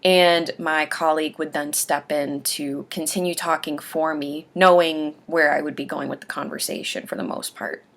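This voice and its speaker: A woman talking earnestly about getting used to dentures, pausing between phrases as she gives advice. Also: low-pitched, creaky. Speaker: host sharing denture aftercare advice. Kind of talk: casual instructional talk.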